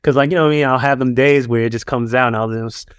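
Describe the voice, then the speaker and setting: A man's voice: mid-range voice, steady tone, fast talker, clean tone, no echo. A man, a former pro athlete, telling stories in a loose, casual interview style full of fillers and restarts. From New York. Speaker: guest, former pro basketball player.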